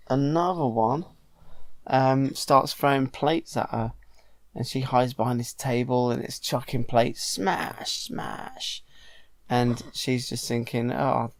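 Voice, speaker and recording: Man, dad, relaxed storytelling, slow pace, hesitant, dry close sound. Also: mid-range voice, no room sound. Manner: chatty, animated, hesitant with ums. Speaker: father retelling a film to his child. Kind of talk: casual storytelling.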